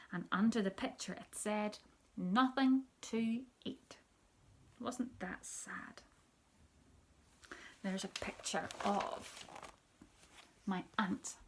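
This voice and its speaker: A woman, a teacher, reading a children's story aloud in a soft, hushed storytelling manner that often drops near a whisper. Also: mid-range voice, vocal fry, slight background noise.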